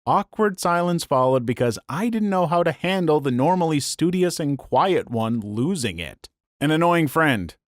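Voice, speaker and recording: A man narrating online stories in a scripted, lively and comic way. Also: on the high side, normal speed, no echo, studio quality. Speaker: story narrator.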